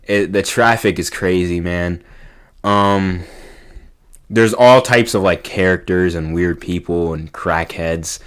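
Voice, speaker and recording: A young man with a very low voice rambles about his city. He leans on filler words and swearing as he talks. He sinks into quiet mumbles and then bursts out loud. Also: takes it slowly, smooth. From New York. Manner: rambling, profane, full of fillers; swings between mumbling and loud exclaiming. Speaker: vlogger. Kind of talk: casual rant to camera.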